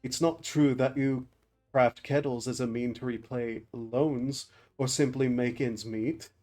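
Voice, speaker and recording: A refined merchant goldsmith as a man reads him out reasons in formal, measured phrases. The voice is mellow and dark, and the pacing is slow and deliberate. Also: mid-range voice, fairly even intonation, soft background music, natural voice.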